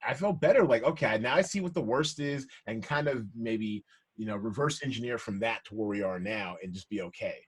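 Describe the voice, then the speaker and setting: A man hosting a podcast, chatting casually and animatedly about movies, laughing often with quick asides. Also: lowish voice, breathy edge. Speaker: podcast host. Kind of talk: casual chat.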